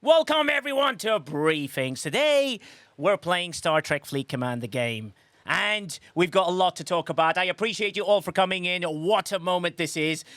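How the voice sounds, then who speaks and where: Male podcast co-host, somewhat high voice, jokey banter, dry close mic with faint music. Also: lively intonation, moderate pace, a bit bright, dry recording. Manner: playful, jokey, teasing. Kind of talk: casual podcast chat.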